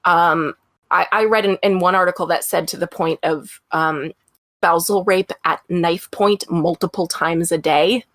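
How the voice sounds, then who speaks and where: A woman hosting a casual true-crime podcast, talking in a chatty, profane way full of ums. Her voice sits a little low, and the recording is dry and close. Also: fairly even intonation, measured pace, fairly bright tone, dry recording. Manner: chatty, profane, laughing asides, many ums. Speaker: podcast host.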